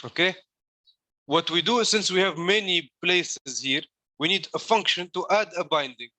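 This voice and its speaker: A man's voice: high-pitched, normal speed, bright, forceful tone, no echo. A man coaching a class through code in a live walkthrough, explaining each step while demonstrating it. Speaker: coding coach.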